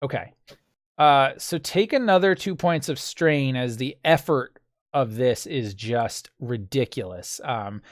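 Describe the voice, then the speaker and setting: Man, game master, vivid scene narration, mouth sound effects, mid-pitched voice, dry close recording. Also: unhurried, no room sound.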